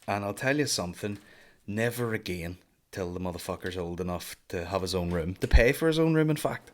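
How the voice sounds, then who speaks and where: A comedian rambling through a casual podcast monologue, his voice sitting fairly low. He swears freely, piles on jokes and now and then jumps into loud, high mocking voices for bits. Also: lively intonation, a little fast. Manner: profane, rambling, jokey. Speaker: podcast host, stand-up comedian.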